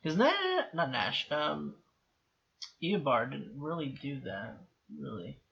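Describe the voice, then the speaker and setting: A man's voice: medium pitch, slow pace, creaky, a bit bright, lo-fi sound, a little hiss or hum. A young American man casually rambling through a TV episode reaction, with many restarts and laughs. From United States. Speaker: TV reaction host.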